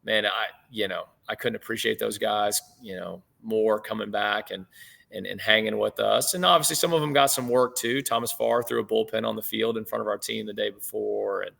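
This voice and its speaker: Gravelly, bright-toned male baseball coach. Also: on the low side, steady tone, moderate pace. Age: 30s. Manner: easygoing storyteller, many fillers and restarts. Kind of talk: casual interview chat. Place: remote video call. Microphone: video call.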